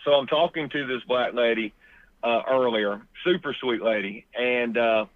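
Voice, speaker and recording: A man's voice: medium pitch, moderate pace, dry recording. A man co-hosting a casual political talk show, telling chatty anecdotes over a tinny phone line.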